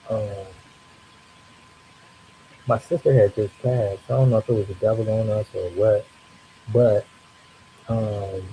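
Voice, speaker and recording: Male storyteller, casual and profane, mellow tone, animated retelling over a faint hiss. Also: mid-range voice, rough recording. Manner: loose, profane, animated retelling with acted-out reactions.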